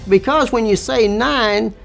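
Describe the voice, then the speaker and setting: Gravelly Southern man with a slow drawl. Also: high-pitched, fairly bright tone, soft background music. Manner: slow, drawn-out delivery. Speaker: business owner. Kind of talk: storytelling interview.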